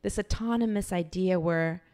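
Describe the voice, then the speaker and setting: A woman's voice: fairly low pitch, moderate pace, darkish tone. A woman talking candidly and emphatically in a casual chat, swearing freely.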